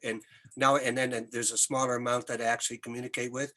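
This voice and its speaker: An older Canadian man, a musician guest, telling animated anecdotes in an interview with many restarts. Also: mid-range voice, quick pace. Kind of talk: storytelling interview.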